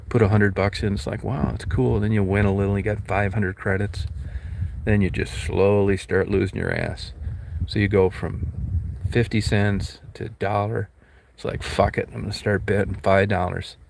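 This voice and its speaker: Blunt, swearing man with a low voice. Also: vocal fry, slight background noise. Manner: blunt, profane storytelling with acted quotes. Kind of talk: casual rambling chat.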